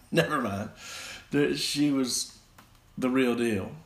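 Southern man, slow and unhurried delivery, rambling self-deprecating storytelling, echoey room. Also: medium pitch. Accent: Southern American. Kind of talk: casual personal storytelling.

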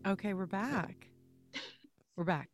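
A woman's voice: medium pitch, slow, dry recording, faint music behind. A woman co-hosting a podcast, chatting casually and playfully with frequent laughs. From Canada. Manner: chatty, playful, laughs often, many fillers. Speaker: podcast co-host.

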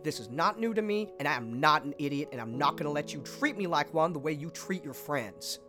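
A man voicing a tough, defiant woman outlaw in a tabletop game, shouting her lines. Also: fairly high pitch, animated, brisk, music in the background, natural voice.

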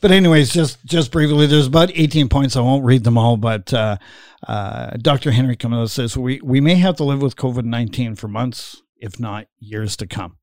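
A man's voice: mid-range voice, normal speed, a little mellow, no echo, studio quality. A middle-aged man hosting a casual chat, rambling with many fillers and laughing as he tells stories. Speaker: podcast host.

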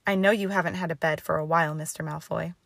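A stern older witch who runs the school scolds in firm, clipped tones, put on by a woman reading aloud. Her voice sits low and hushed, recorded dry and close. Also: fairly even intonation, fast, vocal fry, no room sound, full character voice. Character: stern older Scottish-styled headmistress, strict.

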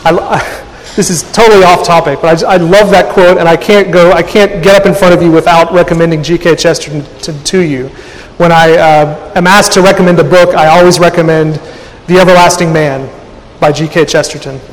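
A man's voice: on the high side, fairly even intonation, a little fast. A man preaching a sermon in a thoughtful way, often restarting and repeating words as he works through an idea. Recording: long hall reverb.

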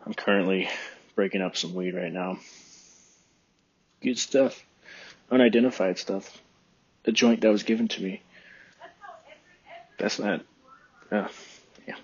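A man from Texas hosting his podcast in a rambling, relaxed chat, with a phlegmy throat he keeps clearing. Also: fairly low pitch, unhurried, pauses often, muffled recording. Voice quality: phlegmy, husky. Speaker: podcast host. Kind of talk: casual solo podcast chat. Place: room by a window.

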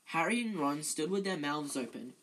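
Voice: mid-range voice, expressive, moderate pace, a bit bright, poor audio. A reader narrating a novel aloud in an amateur way, often stumbling and correcting themselves.

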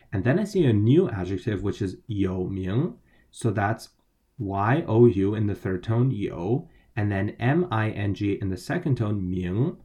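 A co-host of a language podcast, this man has a lowish, slightly mellow voice. He takes Mandarin phrases patiently, spelling the pinyin of each syllable letter by letter.

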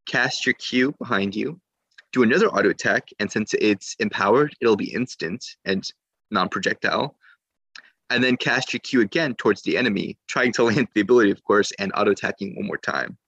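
Man, lowish voice, dry close sound, casual strategy explainer, podcast co-host. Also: a little fast, a bit bright, slightly rough, no echo, dull audio. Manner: explanatory, with fillers and restarts. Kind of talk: casual gaming strategy talk.

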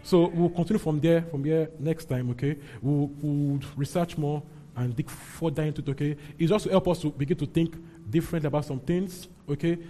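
A man's voice: fairly high pitch, warm tone. A man preaching a sermon as pastor, emphatic and often checking in with his congregation. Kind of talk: sermon teaching and prayer.

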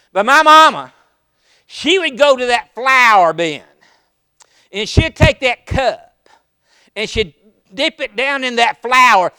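Preacher guy, real high bright voice, folksy and fired up, dry close sound. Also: smooth, dry recording. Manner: folksy storytelling, rising to impassioned shouts. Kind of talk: sermon.

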